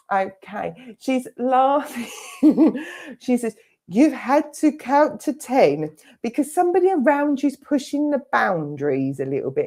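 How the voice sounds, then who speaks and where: A woman's voice: medium pitch, dark tone. A middle-aged woman gives a clairvoyant reading at a spiritualist service, speaking in a chatty, conversational way. She keeps dropping into little quoted asides as she passes on messages to the person she is reading for. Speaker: spiritualist medium. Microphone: online service stream.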